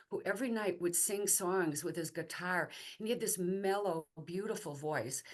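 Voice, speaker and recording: Guest, middle-aged woman, lower register; halting, conversational testimony. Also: fairly bright tone. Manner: conversational, halting with fillers and restarts. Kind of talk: personal faith testimony told as a story.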